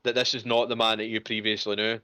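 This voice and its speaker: A man running a tabletop game as dungeon master, narrating casually with halting restarts. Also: on the low side, level tone, bright, forceful tone, clear, resonant tone. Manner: casual, halting, full of fillers.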